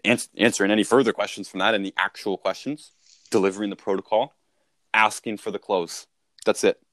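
A man's voice: fairly low pitch, steady tone, brisk, fairly bright tone. A man coaching salespeople in a casual conversation, punchy and emphatic, often checking in with "right?".

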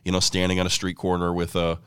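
A man's voice: low voice, monotone, fast, fairly bright tone, smooth, dry recording, clean studio sound. A man, an evangelist being interviewed, telling a story in an earnest, fluent way. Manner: earnest, fluent storyteller who quotes others. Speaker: evangelist guest. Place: ministry headquarters office.

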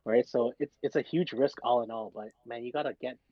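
A man's voice: medium pitch, a little fast, dull audio, crowd noise. A man in casual chat, laid-back and slangy, often tagging his sentences with "right?".

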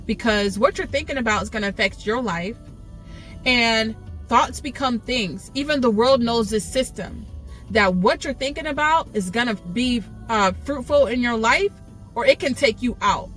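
A woman's voice: fairly high pitch, moderate pace, fairly bright tone, soft background music. A woman giving a passionate, earnest devotional talk to camera, pleading and repeating words for emphasis. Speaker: Christian video teacher.

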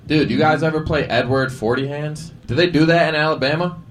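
A man's voice: on the high side, fairly quick, slight background noise. A man hosting a casual podcast, joking and teasing his guests in crude banter. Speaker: podcast host.

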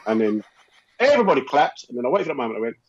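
Male comic host, husky and animated, muffled podcast recording. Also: mid-range voice, racing. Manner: animated, acts out quoted voices in anecdotes. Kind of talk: casual comic storytelling. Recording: dull, slightly lo-fi podcast audio.

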